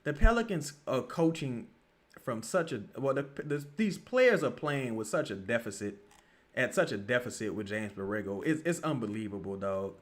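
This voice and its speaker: Profane ranting man, lively swings. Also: mid-range voice, normal speed. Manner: profane, frustrated ranting with sudden loud outbursts. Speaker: streamer reacting to a live game. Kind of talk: live game reaction, watch-along.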